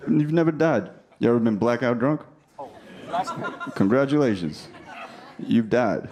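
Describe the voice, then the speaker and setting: A man's voice: mid-range voice, measured pace. Brash, profane stand-up comedian man. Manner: brash, profane crowd work with lively delivery. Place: comedy club stage before a laughing audience. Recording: live club sound with audience noise. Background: audience laughter.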